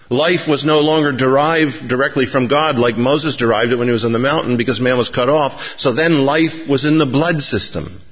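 A man preaching a sermon in a church, excitable and rising to emphatic appeals. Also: mid-range voice, lo-fi sound. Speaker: pastor. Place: church sanctuary.

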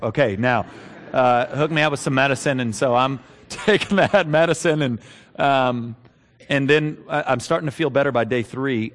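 A man's voice: medium pitch, in a large hall. A middle-aged man preaching a sermon, telling a story in a loose, conversational way and then building to emphatic preaching. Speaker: pastor.

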